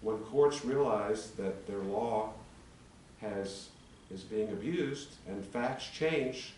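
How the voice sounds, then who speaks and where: Man, 60s, attorney at a town meeting, argumentative, lowish voice, distant mic in an echoey room with faint hum. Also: slow pace, darkish tone. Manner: argumentative, building a legal case. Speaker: attorney addressing town commission. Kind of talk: formal presentation at a public meeting. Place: town commission meeting chamber.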